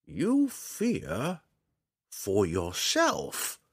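A man doing a booming old forest ranger. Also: huge pitch swings, slightly rough, no room sound, studio quality, heavily acted. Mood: wry. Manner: slow, booming, theatrical delivery. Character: old male forest ranger, wry, charming, proud.

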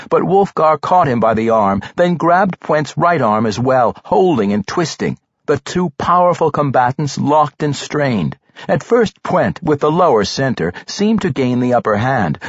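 A man narrating a fantasy audiobook in an expressive, dramatic reading style. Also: a little high, slightly rough, no room sound, highs cut off.

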